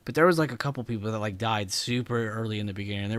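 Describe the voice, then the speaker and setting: A man's voice: fairly low pitch, very fast, a bit bright. Laid-back young man chatting on a livestream. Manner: laid-back, laughing, slangy. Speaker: trading livestream host. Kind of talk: casual chat on a livestream.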